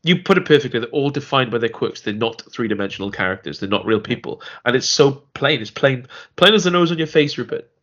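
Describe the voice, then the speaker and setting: A man's voice: mid-range voice, animated, quick pace, a bit bright. Rambling man on a muffled mic. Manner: rambling, restarts often, acts out quoted lines. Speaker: podcast co-host. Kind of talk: casual chat reviewing a TV series.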